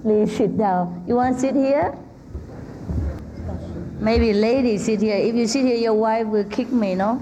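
In an indoor hall before a seated audience, a woman gives an informal spiritual talk, joking, laughing often, and chatting with the people near her. Her voice is on the high side and a little slow, with long pauses. The dull lo-fi recording has a noisy background.

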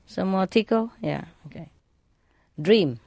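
A woman's voice: mid-range voice, expressive, slow pace, vocal fry, a little mellow, no echo. A woman reading jokes aloud in a casual way, laughing at her own punchlines. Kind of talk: casual joke telling.

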